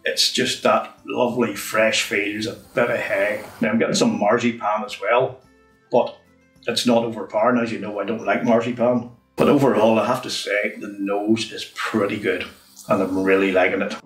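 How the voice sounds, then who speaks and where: A man reviewing a whisky in a chatty, unhurried way. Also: on the low side, little pitch movement, a bit bright, recorded from a distance. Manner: chatty, unhurried, says "wee" often. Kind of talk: casual review monologue. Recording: roomy, from off the mic, faint music.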